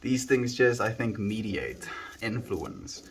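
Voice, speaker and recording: A man's voice: fairly low pitch, big pitch swings, slow. A South African man from South Africa chatting casually on a livestream from home into a handheld phone, musing aloud and thanking viewers by name.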